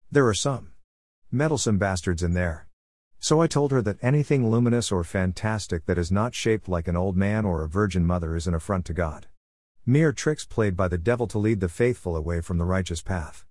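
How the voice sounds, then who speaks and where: A man's voice: low-pitched, a little mellow, dry recording, clean studio sound. A man voicing a scheming, boastful male affliction spirit who mocks and gloats in a storybook tale.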